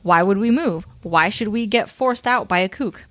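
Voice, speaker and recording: A woman's voice: medium pitch, normal speed, fairly bright tone, no echo. A young adult woman co-hosting a podcast, telling a true-crime story in casual chat, giggling and swearing casually.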